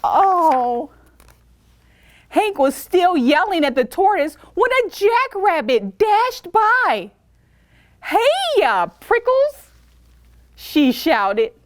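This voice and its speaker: At story time, a woman librarian reads a picture book aloud to children, pausing to ask them questions in an animated way. Her voice is extremely high and slow, recorded at studio quality with no room sound.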